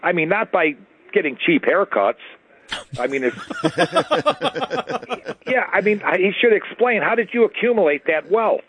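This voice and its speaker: A man's voice: sits high, big pitch swings, measured pace, pauses often, fairly bright tone, slightly rough. A man calling in to a talk radio show, indignant and plain-spoken. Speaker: caller. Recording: tinny phone line.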